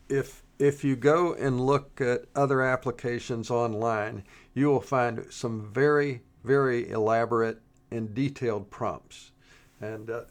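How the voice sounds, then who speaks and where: A man presenting a coding tutorial in a relaxed, halting way, with frequent pauses and restarts as he works through the demo. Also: mid-range voice. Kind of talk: screen-recorded coding tutorial.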